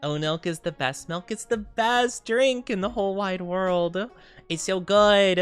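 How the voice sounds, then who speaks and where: A woman's voice: mid-range voice, unhurried, clean tone, faint music behind. A tired woman streamer rambling and giggling in casual chat, greeting viewers as she goes.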